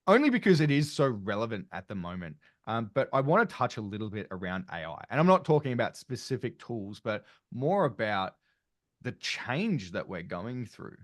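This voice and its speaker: A man's voice: medium pitch, no room sound, studio quality. An Australian man hosting an online panel discussion, chatty and rambling with plenty of fillers, on a video call. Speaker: panel host.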